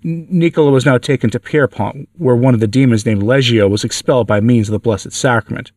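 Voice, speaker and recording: A man reading a devotional story aloud for a podcast, earnest and measured, with small slips. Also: medium pitch, a little mellow, no room sound, clean studio sound, far from the mic. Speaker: podcast narrator.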